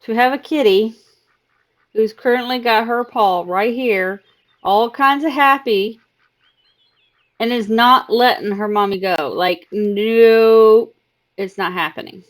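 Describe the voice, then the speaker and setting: A woman's voice: fairly high pitch, slow pace. A woman live streamer playing a game and chatting in doting baby talk to her cat. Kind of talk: casual chat while gaming.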